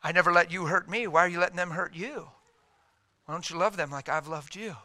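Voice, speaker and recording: A middle-aged man preaching with a very bright, ringing voice and a slightly raised pitch. He tells his story animatedly, jumping between loud bursts and near-whispers. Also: brisk. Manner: animated, swings from loud to hushed, acts out quotes. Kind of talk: sermon storytelling.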